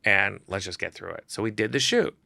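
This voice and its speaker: A man, a photographer guest on a podcast, telling stories in a casual, animated way and acting out quotes in shifting voices. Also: lowish voice, a little fast, gravelly, dry recording, studio quality. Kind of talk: casual storytelling.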